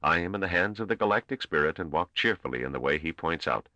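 Man reading a blunt, gruff veteran trader, extremely low voice, dry close sound. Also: lively intonation, quick pace, bright, forceful tone, no room sound. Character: gruff seasoned male space trader.

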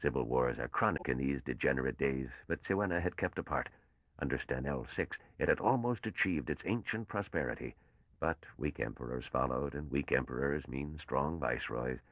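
An older man's voice, played by a man, as a bitter and weary old patrician who speaks slowly. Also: a bass voice, animated, dry recording, lo-fi sound, heavily acted.

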